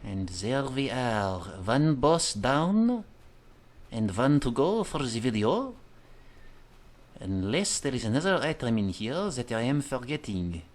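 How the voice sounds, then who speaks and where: A man in his thirties with a mid-range, slightly mellow voice gives comedic let's-play commentary while playing a video game. He's profane and jokey, full of rambling asides.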